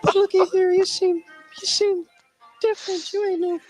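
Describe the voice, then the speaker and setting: A woman doing a shrill flirty dame. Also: level tone, moderate pace, a little mellow, dry recording, faint music behind, low-quality recording. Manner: sing-song sweet talk, slangy.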